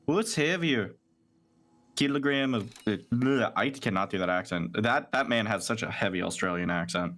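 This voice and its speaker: A man hosting a casual gaming stream, talking in an animated, rambling, profane way. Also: sits low, a little fast, few pauses, a little hiss or hum. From United States. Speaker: streamer host.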